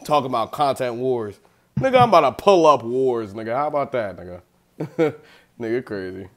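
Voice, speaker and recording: A man's voice: mid-range voice, sing-song, moderate pace. A man hosting a casual reaction stream, mocking and profane, who laughs often.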